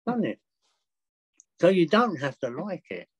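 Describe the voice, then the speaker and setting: An older man telling travel stories as a podcast guest, chatty and excitable, with frequent laughs. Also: a little high, unhurried, breathy edge, no echo, low-quality recording. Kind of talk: anecdotal storytelling.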